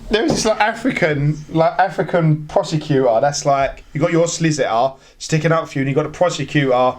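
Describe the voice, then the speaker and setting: A man's voice: fairly high pitch, fairly quick. A man hosting a podcast, telling stories in a casual chat, often laughing, with lots of fillers. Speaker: podcast host.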